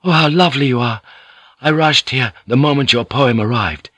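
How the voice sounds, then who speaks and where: A man's voice: medium pitch, normal speed, bright, forceful tone, no room sound, pitched above the performer's own voice. A man voicing an eager eighteen-year-old student in an audiobook, breathless and gushing.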